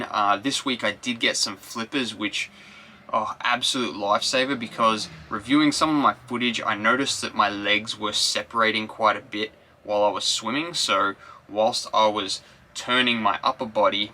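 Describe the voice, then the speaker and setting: A man's voice: on the low side, pushed and bright, a little hiss or hum. A young man vlogging his triathlon training and explaining workouts with upbeat coaching tips. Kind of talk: casual vlog narration. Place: outdoors on a run, by a river park.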